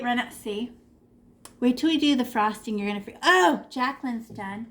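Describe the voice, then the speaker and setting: High, animated woman teaching kids. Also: normal speed. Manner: animated, encouraging, talks to kids. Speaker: art teacher. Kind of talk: online art class for children. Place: her room at home. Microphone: video call.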